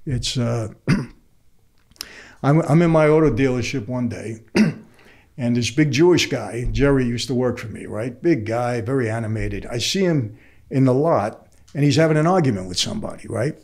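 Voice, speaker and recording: A man's voice: mid-range voice, expressive, moderate pace, darkish tone. An older man, a guest telling anecdotes in a casual interview, with frequent "right?" asides. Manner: streetwise, tells anecdotes with lots of "right?" asides.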